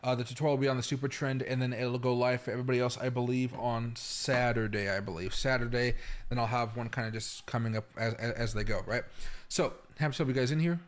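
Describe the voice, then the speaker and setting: Male stream host, mid-pitched, loose and chatty, addressing the audience directly from his house. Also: fairly even intonation, fast talker. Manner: chatty, rambling, talks straight to viewers. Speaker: crypto livestream host. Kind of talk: casual livestream commentary. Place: home.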